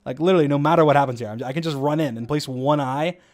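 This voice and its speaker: A man casually commentating over his own gameplay footage, rambling fast with lots of fillers and frequent laughs. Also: on the high side.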